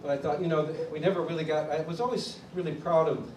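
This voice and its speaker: A man from Chicago, a drummer, tells his story at a clinic in an animated way and acts out the voices of the people he quotes. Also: fairly high pitch, fast talker. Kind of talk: storytelling interview. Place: drum clinic in a studio room. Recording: distant mic in an echoey room with background noise.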